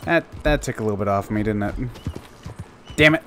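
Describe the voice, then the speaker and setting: A man's voice: fairly low pitch, fairly quick, pauses often, slight background noise. A young man chatting through a let's play, curious and thinking aloud as he goes. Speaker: gamer.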